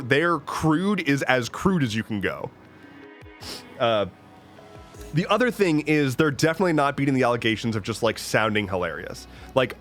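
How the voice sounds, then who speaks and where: This American man's voice sits at medium pitch with a slightly bright quality. He rambles and jokes on a casual stream, swearing often and frequently starting over mid-thought.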